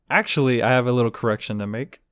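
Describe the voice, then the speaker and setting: A man's voice: medium pitch, vocal fry, dry recording, studio quality. Rambling man acting out quotes. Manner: rambling, acts out quotes with voices. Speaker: podcast co-host. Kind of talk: casual chat.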